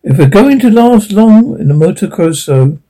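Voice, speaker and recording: A man's voice: sits high, sing-song, normal speed, warm tone, voice pushed up, rough recording. A man reading a hesitant, polite sidekick.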